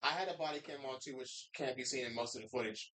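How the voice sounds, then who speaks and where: A man's voice: medium pitch, quick pace, bright, forceful tone. A man co-hosting a live show from a bar, speaking in short, laid-back remarks. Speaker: co-host. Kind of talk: casual bar chat.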